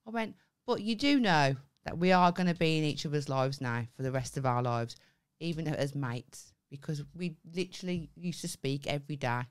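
Woman, comedy podcast co-host, low-set voice, lively pitch, animated storytelling, swears freely. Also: moderate pace, smooth. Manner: animated, acts out quoted lines, swears freely. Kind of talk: casual storytelling chat.

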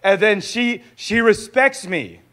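A young adult man teaching in a sermon style, lively and acting out little dialogues as he goes. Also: sits high, takes it slowly. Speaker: pastor teaching a discipleship school.

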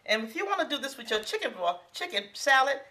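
A woman's voice: sits high, very animated, fast, sharp tone. A woman in her sixties demonstrating a recipe in her home kitchen, talking straight to viewers in a folksy, exclamatory way. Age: 60s. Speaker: home cook. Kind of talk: casual cooking demonstration.

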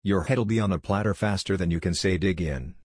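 A grumpy old toad sage, crude and folksy as he scolds, in a low, even-toned storybook reading by a man. His speech is plain, with little theatrical flourish, and the recording is dry and close. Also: a little fast, husky, dry recording.

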